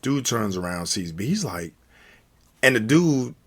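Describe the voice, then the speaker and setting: An American man telling a story from a night out in a casual, slangy, animated way. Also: on the low side, measured pace, slightly rough. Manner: animated, slangy, acts out quoted speech. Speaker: storyteller, channel host.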